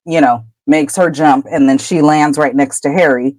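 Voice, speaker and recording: A woman's voice: low voice, fairly even intonation, moderate pace, darkish tone, no echo, low-quality recording. A woman podcast co-host casually retelling a book chapter, chatty, acting out the characters' lines. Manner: chatty storyteller, acts out quotes.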